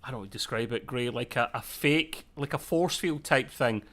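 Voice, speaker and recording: A man's voice: medium pitch, moderate pace, a bit bright. A man co-hosting a casual live discussion, rambling and self-correcting with jokey asides. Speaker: podcast co-host.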